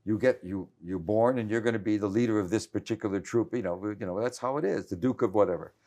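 A man's voice: on the low side, fast talker, dark tone. A man in his late seventies, a journalist interviewed in conversation, who talks in a rambling, cranky way with many restarts and stammers. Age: 70s. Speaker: journalist guest.

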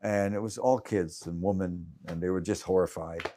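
Cranky seventy-something male journalist, deep and mellow, stammering and rambling as he talks. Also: steady tone, moderate pace. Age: 70s. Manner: rambling, many restarts and stammers. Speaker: journalist guest. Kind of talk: conversational interview.

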